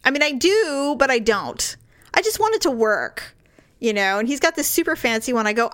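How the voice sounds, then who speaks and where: A middle-aged woman co-hosting a podcast, telling a story in a casual, animated way, laughing often and acting out the voices of the people in it. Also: high voice, moderate pace, no echo. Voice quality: lively, laughs often, acts out quoted voices. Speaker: podcast co-host.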